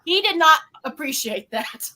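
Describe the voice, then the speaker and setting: A woman from New Mexico with a bright, fairly high voice, chatting casually and giggling often. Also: very animated, a little slow, a little hiss or hum. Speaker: guest. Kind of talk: casual chat.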